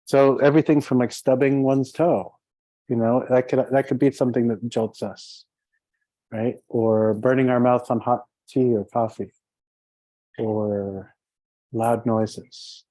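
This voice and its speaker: A man with a mellow, relaxed tone teaches meditation in a loose, conversational way, laughing easily and leaning on "you know" and "like". His voice sits at an ordinary pitch and sounds dry and close, with no room around it. He talks as if to a small group on a video call. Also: measured pace, dry recording, poor audio. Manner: conversational, laughing, many fillers. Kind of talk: casual dharma talk.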